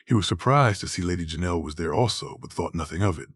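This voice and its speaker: A man reading fantasy fan fiction aloud as an audiobook narrator, in a slow, measured way. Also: sits low, lively intonation, a bit bright, breathy edge.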